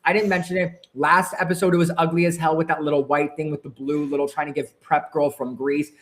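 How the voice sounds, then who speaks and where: A man's voice: a little high, level tone, brisk, fairly bright tone. A man chatting casually as a podcast guest, brash and profane, dramatic about a reality show. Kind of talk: casual chat.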